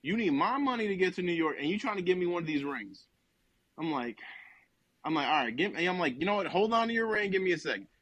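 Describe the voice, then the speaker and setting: Animated, profane young man telling a story. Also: high voice, fast talker. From New Jersey. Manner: profane, rambling, animated retelling with quoted dialogue. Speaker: podcast co-host telling a story. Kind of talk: casual comedic storytelling.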